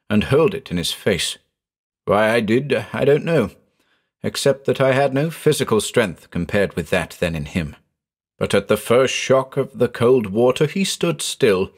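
Expressive male horror story narrator. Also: medium pitch. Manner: measured, dramatic storytelling.

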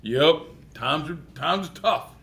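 A man teacher running a classroom wrap-up, joking with students and loudly repeating their answers. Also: on the high side, lively intonation, takes it slowly, slight background noise.

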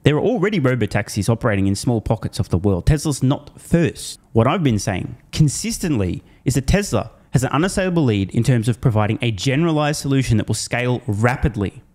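Sarcastic, animated male commentator. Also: medium pitch, fairly quick. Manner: animated, sarcastic, laughs and swears in disbelief; upbeat sponsor read. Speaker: finance video host. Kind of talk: casual commentary to camera.

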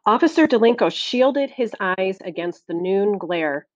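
A woman reading a novel aloud as audiobook narration, steady and clear. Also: medium pitch, a little slow, no echo, muffled recording. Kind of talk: scripted narration.

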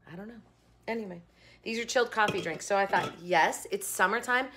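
A woman's voice: mid-range voice, fairly quick, fairly bright tone, slight background noise. A young woman chatting casually in her home kitchen as she reviews food, rambling with giggly asides. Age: young adult. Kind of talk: casual chat.

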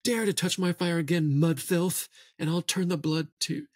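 A man puts on the voice of a furious witch queen, loud, harsh and threatening, pitched a little high and above his own natural voice yet still close to an everyday sound. He speaks at normal speed. The studio-quality recording has no room sound.

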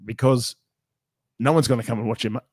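Fast-talking Australian man telling stories. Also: medium pitch, a little mellow, husky, no room sound. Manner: joking storyteller, quick and chatty. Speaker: podcast host and fight commentator. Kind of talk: casual podcast chat.

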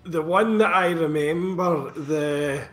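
A man, a podcast guest chatting bluntly about films, swearing in relaxed storytelling. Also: a little high, slow pace. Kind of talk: casual film review chat.

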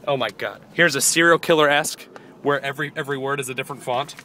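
Giggly rambling man, bright tense voice, fairly high, outdoors with faint traffic behind. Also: moderate pace, vocal fry. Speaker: vlogger. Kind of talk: casual chat. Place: outdoors near a parking lot.

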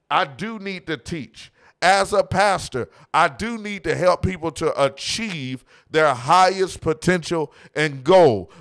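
A man's voice: fairly high pitch, a bit bright. A man preaching a sermon, impassioned and mocking, frequently acting out quotes. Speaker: pastor.

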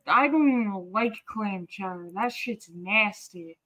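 A woman's voice: mid-range voice, a little slow, sharp tone, rough recording. A woman hosting a cooking livestream, chatting casually, brash and teasing with a lot of swearing.

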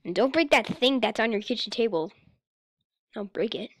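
Sarcastic woman mocking a video, lively pitch. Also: normal speed, slightly rough, no echo, studio quality. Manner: sarcastic, teasing, breaks into laughter. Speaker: YouTuber reacting to a video. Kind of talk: mocking reaction commentary.

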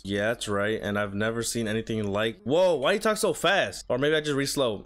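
A young man speaks into a desk microphone at a middle pitch. He chats casually at the screen as he reacts to an anime and reads the subtitles aloud along the way. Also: a bit bright. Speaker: reaction video host.

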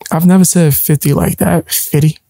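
A man's voice: medium pitch, steady tone, moderate pace, very noisy. A man co-hosting a casual chat, laid back and rambling in asides. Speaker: co-host.

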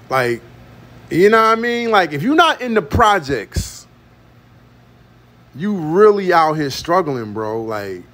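A man's voice: fairly high pitch, a bit bright. A young man, ranting profanely into his phone in a rambling, repetitive vlog. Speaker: vlogger. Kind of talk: casual ranting monologue.

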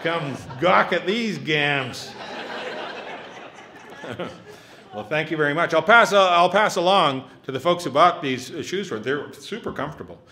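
A man's voice: fairly high pitch, a little fast, pushed and bright, a little hiss or hum. A man in his fifties doing a live stand-up Q&A, joking and self-mocking with the crowd. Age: 50s. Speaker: stand-up comedian hosting audience Q&A. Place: live theatre stage.

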